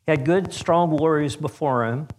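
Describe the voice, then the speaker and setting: Guy reading a story out loud, kinda higher voice, measured and dramatic. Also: slight background noise. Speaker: narrator.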